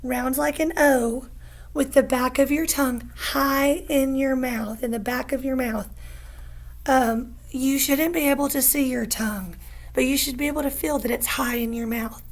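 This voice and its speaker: A woman teaching a phonics lesson to young learners, patient and encouraging, stretching out each sound slowly. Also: high-pitched, steady tone.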